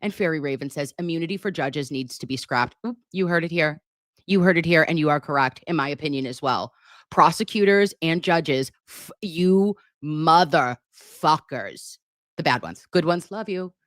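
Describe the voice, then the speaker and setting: Low-voiced chatty woman host. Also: a little fast, a bit bright, no echo, studio quality. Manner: chatty, emotional, calls viewers babe. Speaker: livestream host reading chat. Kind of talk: casual livestream chat.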